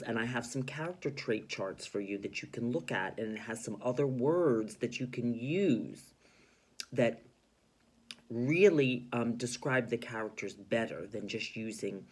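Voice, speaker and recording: A male teacher giving an expressive reading lesson to children, explaining how to voice story characters. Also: mid-range voice.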